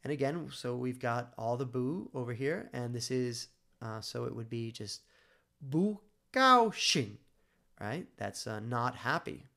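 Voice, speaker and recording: A man talks through his study system at a desk mic, relaxed and unscripted, pausing with fillers as he goes. His voice sits in an ordinary middle register with a gravelly, fry-tinged edge. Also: medium pitch. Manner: relaxed, thinking aloud with fillers and restarts. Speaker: language learner explaining a study method. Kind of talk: casual screen-share tutorial.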